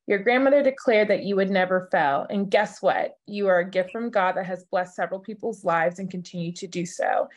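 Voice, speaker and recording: A woman's voice: medium pitch, fairly quick, hardly any pauses. Earnest woman reading affirmations. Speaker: cast member.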